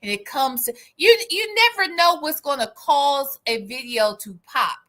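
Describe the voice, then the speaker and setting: A woman's voice: high-pitched, expressive, moderate pace, fairly bright tone. A woman hosting a live stream, giving casual commentary in a sassy, profane and dramatic way.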